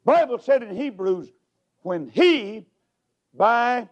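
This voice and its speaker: A preacher with a high, lively voice delivers a revival sermon. He climbs to shouted peaks and drops to near whispers in a sing-song cadence, taking his time. The recording sounds dull and lo-fi. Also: slow pace. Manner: shouting, sing-song swoops between loud highs and hushed drops.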